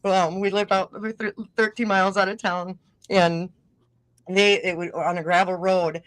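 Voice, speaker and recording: A woman's voice: on the low side, level tone, moderate pace, no echo. A middle-aged woman with a northern Minnesota accent, chatting as an interview guest. She rambles through stories and laughs often. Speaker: guest musician-podcaster. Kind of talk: casual interview chat.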